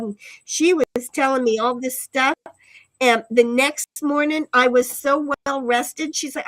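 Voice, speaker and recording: Woman stream host, playful and giggly, high voice, close and dry. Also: steady tone, measured pace, fairly bright tone, no echo, rough recording. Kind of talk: casual live-stream chat, reading viewer comments.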